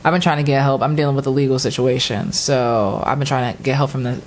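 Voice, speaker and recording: Woman, low voice, casual storyteller who acts out other people's lines; unhurried chat. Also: slight background noise. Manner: animated storyteller, acts out quotes with high squeals and laughs.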